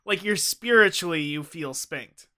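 A man's voice: on the high side, animated, measured pace, sharp tone. A man co-hosting a casual comedic podcast chat, rambling and laughing often. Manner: giggly, rambling, ironic. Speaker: podcast co-host.

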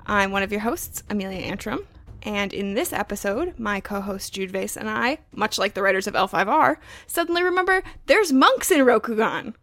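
Woman podcast cohost, bouncy animated voice, jokey and a bit sweary, super dry sound. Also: mid-range voice, moderate pace, dry recording. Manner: laughing, joking, swears freely. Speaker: podcast co-host. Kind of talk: casual podcast chat.

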